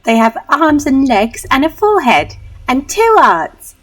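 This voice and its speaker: A woman voicing a cheeky young thief boy in a put-on Cockney accent, jeering and rough-spoken. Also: very animated, unhurried, a bit bright, heavily acted. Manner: shrill, jeering, rough street talk.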